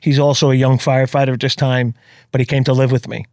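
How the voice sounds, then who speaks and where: A man's voice: mid-range voice, flat delivery, fast, darkish tone, dry recording, studio quality. A man with a New York accent, a podcast guest telling his story in earnest, blunt, emphatic chat. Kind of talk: casual storytelling.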